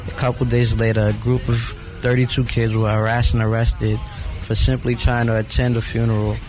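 An eighteen-year-old man from Brooklyn, reading an earnest, steady scripted narration as a student reporter. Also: medium pitch, a little fast, rough recording. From Brooklyn, New York. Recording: music bed under the voice.

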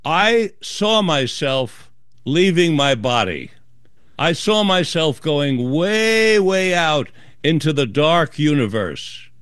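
A man's voice: a little high, takes it slowly, smooth, no echo, studio quality. A man telling a story as a guest in an interview, acting out the voices of others in his tale. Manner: animated storyteller acting out dialogue. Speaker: author and guest.

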